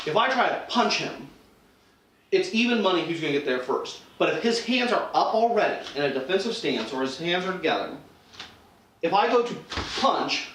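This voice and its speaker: A man's voice: high voice, a bit bright, a little hiss or hum. A man instructing self-defense, talking casually with frequent restarts and acted-out lines while demonstrating. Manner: casual, conversational, many restarts and acted-out quotes. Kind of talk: demonstration lesson. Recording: roomy echo, mic far off.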